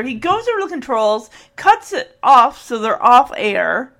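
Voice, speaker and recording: A woman hosts a casual podcast, retelling a sitcom episode in a loose, talkative way. Her voice sits a touch high and swings widely as she acts out each quoted line. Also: very animated, a little slow, a bit bright. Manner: chatty, acts out quoted lines with laughs. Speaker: podcast host.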